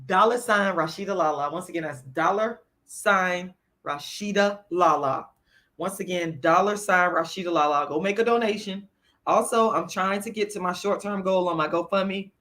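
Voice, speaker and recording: This woman's voice is medium in pitch with a fairly bright tone. Replying to her livestream chat, she alternates between lecturing and frank, profane venting, growing worked up in a heated rant.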